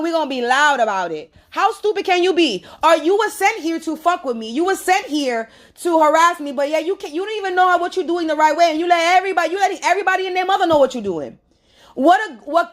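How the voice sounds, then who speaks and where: A woman ranting bluntly and mockingly on a casual livestream from her apartment, talking into a phone. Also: high-pitched. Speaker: livestream host.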